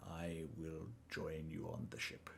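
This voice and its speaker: A man voicing a calm, formal older guide who speaks in measured tones, in a tabletop game. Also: very deep voice, creaky, slight background noise, pitched below the performer's own voice, exaggerated voice.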